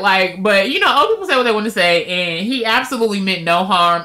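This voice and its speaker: Speaking a little fast and hardly pausing, this medium-pitched woman vlogs about how her weight loss is going. It's a casual chat, emotional and openly expressive, aimed right at her viewers.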